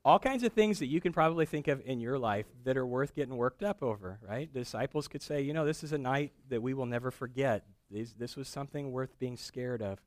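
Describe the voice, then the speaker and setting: A man's voice: mid-range voice, fairly quick, hardly any pauses, no echo. A middle-aged man preaching a conversational sermon and acting out the voices of people in the story. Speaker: pastor.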